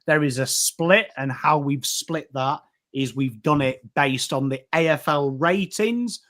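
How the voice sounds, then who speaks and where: An English man co-hosting a casual football chat, animated and rambling, often restarting his sentences. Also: fairly high pitch, a little slow. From England. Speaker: co-host.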